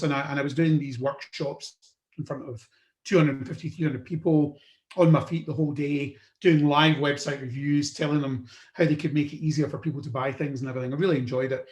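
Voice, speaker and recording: A man's voice: medium pitch, level tone, fast talker, a little mellow. A man from the UK hosting a podcast, telling the story of his own career in a loose, conversational way with fillers and restarts. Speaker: podcast host. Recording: roomy echo.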